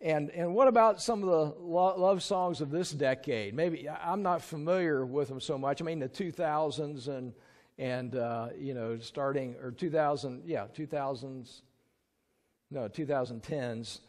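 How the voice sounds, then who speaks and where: Chatty male preacher, slightly high voice. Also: a little slow, darkish tone. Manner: conversational, chuckles and sings snatches to the congregation. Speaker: pastor. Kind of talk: sermon. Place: church sanctuary.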